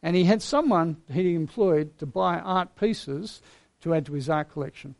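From the pulpit, a middle-aged pastor preaches a sermon in a voice a touch high for a man, with a gravelly edge and lively intonation. He tells stories earnestly and lets key words land with gentle pauses.

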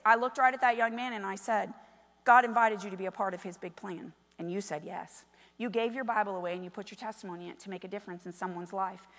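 A middle-aged woman pastor preaching a sermon, moving from soft storytelling to loud, emphatic calls. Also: medium pitch. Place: church sanctuary. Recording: long reverb of a large hall.

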